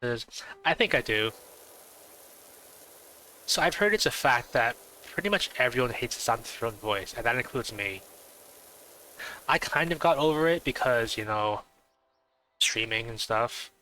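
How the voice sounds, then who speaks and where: Nasal, bright-voiced male streamer. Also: mid-range voice, animated, measured pace, long pauses, poor audio. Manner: rambling, thinking out loud with many fillers. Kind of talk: casual stream chat.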